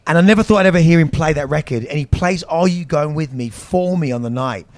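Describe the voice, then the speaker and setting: Animated storytelling man, bright voice. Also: fairly high pitch, quick pace, no room sound. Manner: animated, swearing, drifting between tangents and impressions. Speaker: guest musician. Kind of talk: casual storytelling chat.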